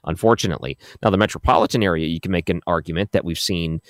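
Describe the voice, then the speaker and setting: Deep-voiced man hosting late-night radio. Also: quick pace, no room sound, clean studio sound. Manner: casual, chatty, thinks aloud over figures. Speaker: radio talk show host. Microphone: studio microphone.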